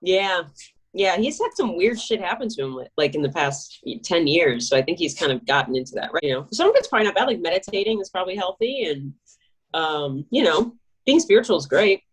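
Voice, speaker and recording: Husky, low-toned woman chatting casually. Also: big pitch swings, a little fast. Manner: laid-back, swearing, jokey. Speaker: interview guest. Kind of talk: casual chat.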